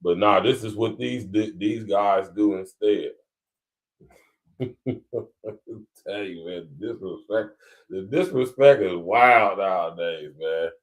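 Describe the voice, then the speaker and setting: A man's voice: on the low side, slow pace, long pauses. Laid-back Columbus Ohio man chatting. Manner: laid-back, chuckling, repeats "man" and "y'all". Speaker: podcast host. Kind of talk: casual commentary to a live audience.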